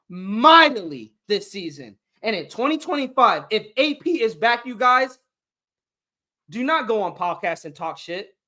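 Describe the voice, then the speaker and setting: A man ranting with real frustration about his football team, swearing as he goes. His voice is bright and forceful, pushing hard on each complaint. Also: high-pitched. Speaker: fan podcast host. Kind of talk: heated sports rant.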